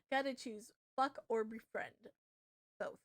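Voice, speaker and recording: A young woman streaming live, reacting excitably with swearing and loud outbursts. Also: high voice.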